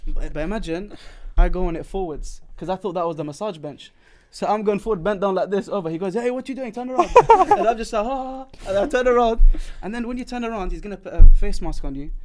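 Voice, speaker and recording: High-voiced man telling a story animatedly. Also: fast, hardly any pauses. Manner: animated, acts out dialogue of others; slangy, laughs through lines. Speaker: podcast host. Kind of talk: casual storytelling chat.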